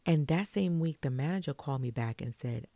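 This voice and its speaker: Gravelly, animated New woman. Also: low-pitched, a little fast, dry recording. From Brooklyn, New York. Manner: animated, expressive, laughs often. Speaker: hairstylist. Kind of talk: casual storytelling monologue.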